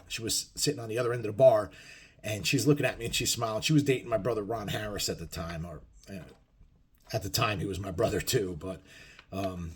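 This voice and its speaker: A man's voice: fairly low pitch, breathy edge. A man telling a bar-fight story casually to camera, swearing constantly and acting out the quoted lines with bursts of volume. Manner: profane, conversational, acts out quoted lines loudly. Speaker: storyteller biker vlogger.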